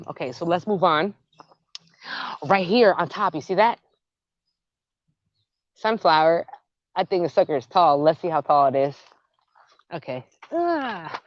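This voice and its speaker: An excitable woman walks through her backyard garden filming on her phone and chatting the whole way. Her slightly low voice swoops up and down as she gushes over her plants. The audio is dry and a little muffled. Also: no room sound. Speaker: gardening vlogger. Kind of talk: casual walk-and-talk vlog.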